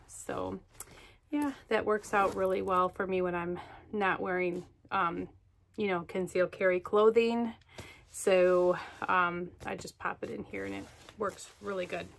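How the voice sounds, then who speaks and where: A woman's voice: lowish voice, creaky, a little hiss or hum. A woman showing off her things in a casual, gushing vlog chat, full of fillers, recorded at home. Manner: chatty, gushing, many fillers. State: out of breath. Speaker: vlogger. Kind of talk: casual show-and-tell chat.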